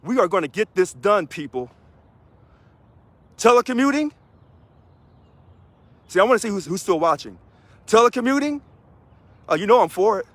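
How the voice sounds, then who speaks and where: A man from Missouri, a union president, giving an energetic video address to union members and emphatically repeating key phrases. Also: sits high, fast talker, few pauses, no room sound.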